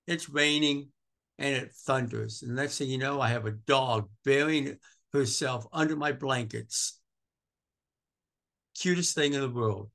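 A pastor from Maine preaching a sermon in a church, swinging from loud emphatic calls to hushed, tender passages and repeating phrases for emphasis. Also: male voice, medium pitch, measured pace, creaky.

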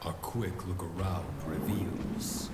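A grim, deep-voiced game narrator. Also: male voice, steady tone, very noisy. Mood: ominous. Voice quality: deep, slow and foreboding. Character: grim male narrator warning of a beast. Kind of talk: ominous scripted game narration. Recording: roomy game soundtrack with loud music.

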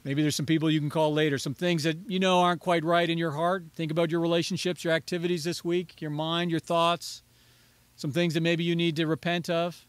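A man's voice: fairly high pitch, little pitch movement, brisk, clear, resonant tone, no echo. A man preaching a sermon as pastor, earnest and rising to emphatic pleading on key phrases.

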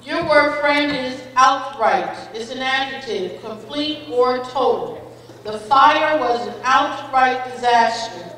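In an echoey hall, far from the microphone and with a little background noise, a woman conducts a spelling bee. Her high-pitched, fairly bright voice moves slowly as she patiently reads every word with a definition and example sentence, warmly encouraging each speller as a friend would.

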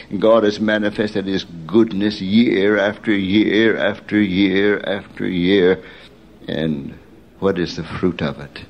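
An older man preaching as a pastor, telling mission stories with sudden excited bursts and slow, hushed emphasis. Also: low voice. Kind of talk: sermon.

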